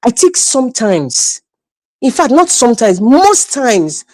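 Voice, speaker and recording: A woman's voice: on the high side, big pitch swings, unhurried, a little mellow, dry recording, low-quality recording. A Nigerian woman giving passionate, emphatic political commentary on a live stream, laughing often and slipping into pidgin. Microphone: remote live stream mic.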